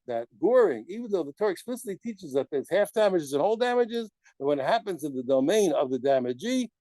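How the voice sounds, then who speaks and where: Male Talmud teacher, slightly high, mellow voice, animated class delivery, dry recording. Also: no echo, poor audio. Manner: animated, asks rhetorical "what?" questions; mixes Aramaic terms into English explanation. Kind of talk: daf yomi Talmud class.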